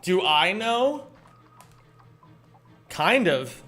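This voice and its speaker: A young-sounding man chats with his stream while playing, his voice high and swinging widely up and down. He swears freely and reacts loudly when something surprises him. Faint music plays under his talk. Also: very slow. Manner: reads chat aloud, swears, excitable outbursts. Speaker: speedrunner streamer. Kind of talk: casual live-stream chat.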